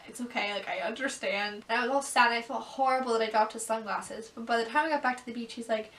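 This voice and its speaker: A teenage girl chats to her camera, recounting embarrassing moments with plenty of "like" and quick laughs. Her voice sits high. The sound is roomy and echoey, picked up from a little distance. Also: steady tone, a bit bright. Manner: chatty, full of "like", breaks into laughs. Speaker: vlogger. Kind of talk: casual storytelling to camera. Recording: echoey room, mic at a distance.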